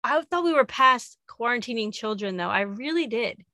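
Bright-voiced woman co-host. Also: fairly high pitch, expressive, moderate pace, no room sound, clean studio sound. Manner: laughs often, upbeat. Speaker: podcast co-host. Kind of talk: casual chat.

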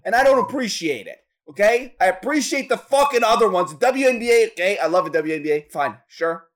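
A man co-hosting a podcast, chatting crudely and profanely with loud bursts of laughter. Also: high voice, lively intonation, a little fast. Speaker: podcast co-host. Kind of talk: crude casual chat.

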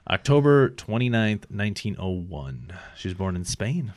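Laid-back low-voiced man in his thirties. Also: big pitch swings, normal speed, darkish tone. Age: 30s. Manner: stumbles over foreign names, profane, laughs easily. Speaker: podcast co-host. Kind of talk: casual podcast chat reading facts aloud.

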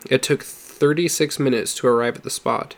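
Gravelly-voiced man reading a story. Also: mid-range voice. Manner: steady, measured reading. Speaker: audiobook reader. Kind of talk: storybook narration.

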